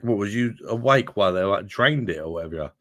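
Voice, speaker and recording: A man's voice: fairly low pitch, lively intonation, fairly quick, fairly bright tone, no room sound. A man casually chatting on a livestream, swearing freely and calling his viewers mate. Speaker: livestream host reading chat. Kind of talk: casual live chat.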